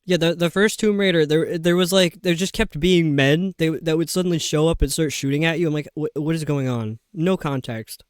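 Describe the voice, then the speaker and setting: A woman's voice: low voice, steady tone, moderate pace, few pauses, clear, resonant tone, no room sound, clean studio sound. A woman streamer chatting casually over a video game, rambling and poking fun at herself. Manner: chatty, rambling, self-mocking. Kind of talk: casual livestream commentary.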